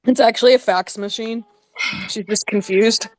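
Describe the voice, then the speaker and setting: A woman in a casual online group voice call, unhurried and deadpan as she teases others. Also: fairly high pitch, no echo, rough recording.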